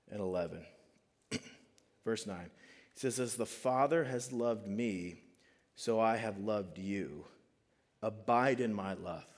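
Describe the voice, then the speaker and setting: A middle-aged man preaching in a casual, conversational way, reading scripture and telling family stories. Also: on the low side. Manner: conversational, animated storytelling with frequent "like". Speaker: pastor. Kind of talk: sermon.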